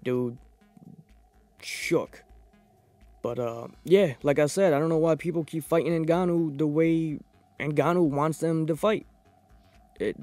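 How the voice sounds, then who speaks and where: A young man hosting a podcast, reviewing fights in a profane, rambling, excitable casual monologue. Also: on the high side, dry recording. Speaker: podcast host.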